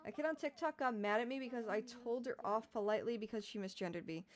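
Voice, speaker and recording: Her voice fairly high and fairly quick, a young adult woman pauses often while chatting casually on a livestream. She rambles, reacts to comments, swears plenty and laughs a lot.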